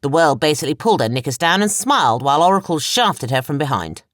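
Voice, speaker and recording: A woman's voice: sing-song, fast, a bit bright, no echo, clean studio sound. A woman narrator voicing a furious, bitter woman who sneers and rants in a raised, mocking voice. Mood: scornful rant. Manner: shrill mocking rant.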